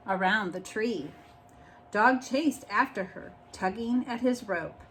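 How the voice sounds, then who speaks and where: A woman reading a picture book aloud like a teacher, expressive and pausing to explain the story. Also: mid-range voice, slight background noise.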